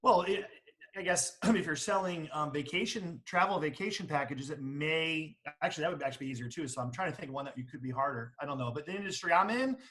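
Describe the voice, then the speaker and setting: A man in insurance sales talking in a casual panel chat, quick and animated, with many restarts. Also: on the high side.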